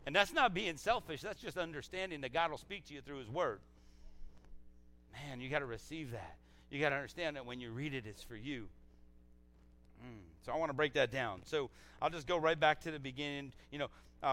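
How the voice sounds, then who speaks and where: A man preaching a sermon in a conversational way, repeating phrases and swinging between loud exclaims and soft, low scripture reading. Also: a little fast. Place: church service.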